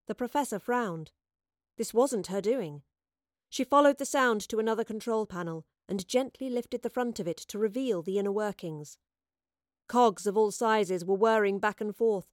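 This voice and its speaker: Her mid-range voice delivers a measured, expressive audiobook narration of a scripted story. It's a clean studio recording, dry and without reverb.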